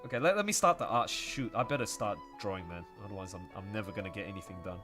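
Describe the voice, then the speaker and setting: Chatty man with a lively voice. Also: on the low side, fast, soft background music. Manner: rambling and chatty, full of fillers and asides. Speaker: artist streaming while drawing. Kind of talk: casual chat on a livestream.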